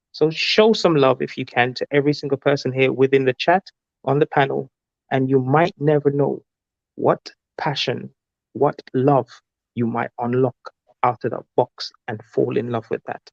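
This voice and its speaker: A man's voice: medium pitch, fairly even intonation, gravelly, no room sound. Earnest motivational man, dull dry audio. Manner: earnest, deliberate, preaching. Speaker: panel guest. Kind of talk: motivational talk.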